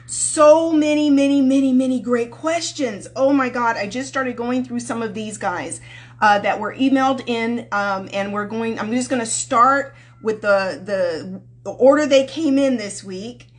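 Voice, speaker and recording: A woman's voice: a little high, a little slow. A woman love coach hosting a live-stream Q&A, chatting casually and affectionately with viewers and calling them sweetheart.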